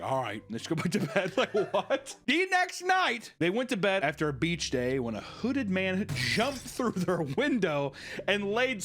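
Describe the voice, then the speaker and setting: Lively joking man reading a story. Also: high voice. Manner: joking, laughs often, reads then riffs. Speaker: commentary host. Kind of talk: casual commentary reading a story aloud.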